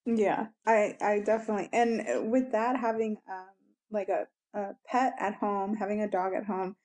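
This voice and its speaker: A woman with a mellow, warm tone speaks at a mid pitch about patience with her child. She is reflective and hesitant, full of little fillers and soft laughs. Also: fairly even intonation, normal speed. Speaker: mother. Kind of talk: casual chat about parenting.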